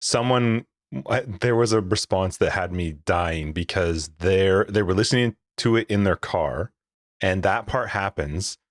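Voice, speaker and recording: A man's voice: low voice, measured pace, no room sound, studio quality. A man co-hosting a gaming podcast in casual chat, joking and laughing often. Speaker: podcast co-host.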